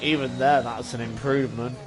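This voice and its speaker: A man's voice: mid-range voice, steady tone, brisk, background noise. A man talking to himself while playing a racing game, self-critical with exasperated outbursts. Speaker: gaming channel host. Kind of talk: casual gameplay commentary. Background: faint game music.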